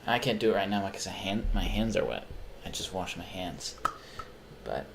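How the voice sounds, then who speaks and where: A man's voice: low voice, very animated, moderate pace, vocal fry, heavy background noise. Rambling, profane young man streaming. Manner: rambling, profane, self-mocking. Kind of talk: casual live-stream chat while gaming.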